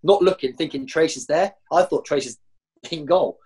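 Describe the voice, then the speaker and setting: A man, a former professional footballer, telling rowdy stories as a guest and jumping high in pitch when he acts out other people. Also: moderate pace, breathy edge. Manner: animated, jumps high when acting out others. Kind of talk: anecdotal storytelling.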